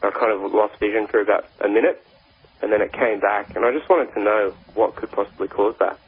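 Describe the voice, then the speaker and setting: Husky Australian caller, low voice. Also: male voice, fairly quick. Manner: hesitant, polite. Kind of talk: phone-in question. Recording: dull lo-fi radio call.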